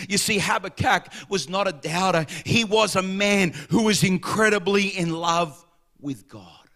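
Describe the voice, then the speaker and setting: A man preaching a sermon as pastor, impassioned, swelling to shouts and dropping low, and calling the congregation to answer back. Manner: calls for congregation responses.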